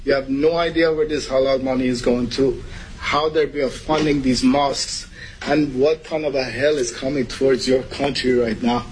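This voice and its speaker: A man's voice: fairly even intonation, normal speed, slight background noise, rough recording. A man from Iran giving an urgent, emotional public comment, close to tears. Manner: urgent, emotional, rising to high pitch. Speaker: public speaker at a meeting.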